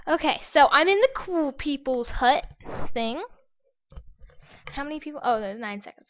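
A woman with a high voice talks through a video game at an unhurried pace, excitable and prone to sudden gasps and shrieks. The recording is dry and close, with a slightly dull tone. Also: no echo. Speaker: gaming channel host. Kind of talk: casual gameplay commentary.

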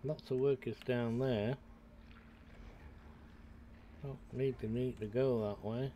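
A man's voice: mid-range voice, steady tone, slow pace, muffled recording, a little hiss or hum. An older British man streaming a game, chatting to his viewers and rambling to himself as he plays. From United Kingdom. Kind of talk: casual gameplay commentary.

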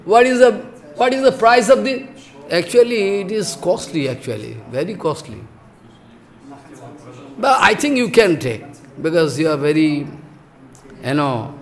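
A man giving a sermon as a spiritual teacher, emphatic and scolding. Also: sits high. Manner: scolding, emphatic, mixes laughter and mock dialogue.

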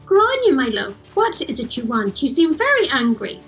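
A woman's voice: sits high, huge pitch swings, normal speed, a bit bright, faint music behind, heavily acted. Woman playing a kindly sea-captain father. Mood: fond reasoning. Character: kindly seafaring chieftain father.

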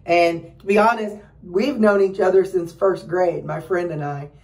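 A woman's voice: steady tone, a little slow, a little mellow, far from the mic. A middle-aged woman giving a rambling, casual pep talk to her viewers, full of fillers and restarts. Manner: acts out quoted relatives in a higher voice. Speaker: weight-loss vlogger.

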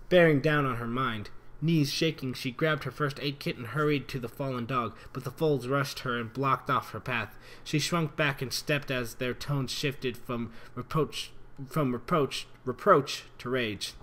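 A man's voice: mid-range voice, moderate pace, few pauses, bright, forceful tone. A man reading fan fiction aloud in an earnest, dramatic way, stumbling over words and rereading lines. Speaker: reader.

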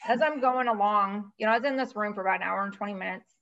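A woman guest speaking as a financial advisor, telling a long story in a chatty, animated way with many fillers. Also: medium pitch, fast talker, lo-fi sound. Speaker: guest, virtual CFO. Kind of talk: casual storytelling interview.

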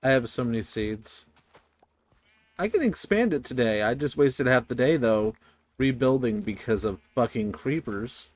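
A man's voice: mid-range voice, lively intonation, a little slow, no room sound. A man giving casual gameplay commentary, profane and easily exasperated, grumbling at the game as he plays. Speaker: gaming YouTuber.

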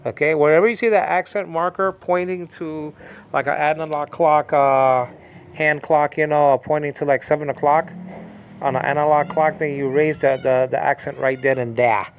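A man's voice: on the high side, steady tone, moderate pace, a little hiss or hum. Rambling man teaching Greek Bible words. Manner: rambling, repeats questions to listener.

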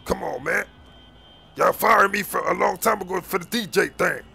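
Gruff, irritated gang leader played by a man; high, gravelly, confrontational street talk. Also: normal speed, bright, forceful tone, faint music behind, heavily acted. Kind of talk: game role-play voice.

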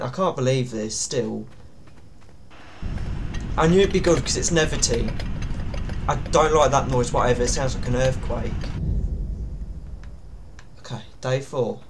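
A man's voice: medium pitch, a little hiss or hum. A man giving nervous, jumpy commentary while playing a horror game. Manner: jumpy, nervous, often pleading to himself. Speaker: gaming YouTuber.

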